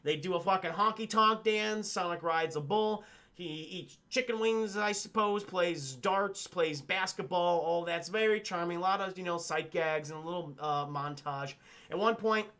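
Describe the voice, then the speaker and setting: A man's voice: high-pitched, normal speed, pushed and bright. A man reviewing a film on a livestream, rambling casually, swearing and talking to his chat with many fillers.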